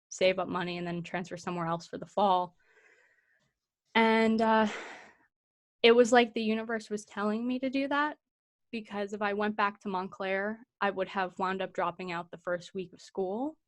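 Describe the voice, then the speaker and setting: Emotional young woman sharing her story. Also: mid-range voice. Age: 20s. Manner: emotional, reflective, laughing through tears. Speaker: podcast co-host. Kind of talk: casual podcast chat.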